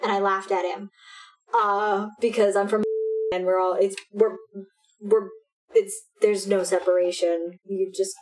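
A woman's voice: mid-range voice, level tone, unhurried, poor audio. A young adult woman co-hosting a casual chat from home, talking in a rambling way and restarting her sentences. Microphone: headphones with a mic.

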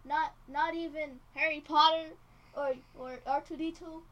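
A woman's voice: sits high, fairly even intonation, unhurried, a bit bright, dull audio. A woman co-hosting a podcast, teasing and emphatic in casual banter. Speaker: podcast co-host.

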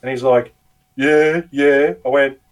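A man's voice: medium pitch, fairly even intonation, takes it slowly, low-quality recording. A middle-aged Australian man co-hosting a casual live chat, swearing freely and telling jokey stories. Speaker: co-host.

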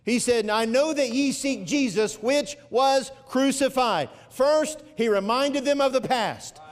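High-voiced preacher in a reverberant church. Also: male voice. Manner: preaching with swelling emphasis and drawn-out phrases. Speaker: pastor. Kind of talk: sermon. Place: church sanctuary.

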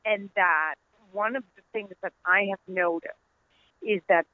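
A woman's voice: medium pitch, a little slow, no room sound. Middle-aged Dutch-accented woman, author guest, earnest storyteller; dry, thin phone-line sound. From Netherlands. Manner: earnest, storytelling, laughs easily. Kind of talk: conversational interview. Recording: tinny phone-line audio.

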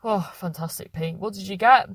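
A woman's voice: medium pitch, normal speed, no echo. A young woman hosting a podcast, chatting casually and reading out listener messages, rambling and correcting herself. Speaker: podcast host.

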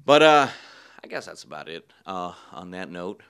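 A young man tells a rambling story on his podcast, laughing often and swearing now and then. His lowish voice is smooth and resonant and swings freely in pitch. It is recorded dry and close in a small studio. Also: sing-song, normal speed, fairly bright tone, dry recording. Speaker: podcast host. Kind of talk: casual solo podcast storytelling.

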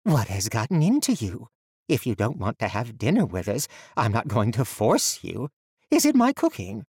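A man's voice: lowish voice, animated, measured pace, no echo, studio quality. A man voicing a gushing, sinister woman supervisor. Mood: exasperated. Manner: gushing, motherly and coaxing. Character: chatty middle-aged woman supervisor, sweetly sinister. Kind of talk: audiobook character voice.

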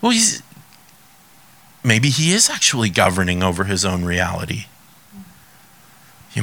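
A man preaching a sermon, reading scripture and asking animated rhetorical questions. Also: on the high side.

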